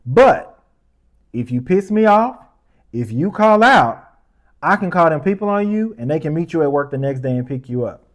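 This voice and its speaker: A man hosting his own news commentary podcast, speaking passionately with casual asides, then settling into a calmer, more respectful tone. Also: a little high. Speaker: podcast host.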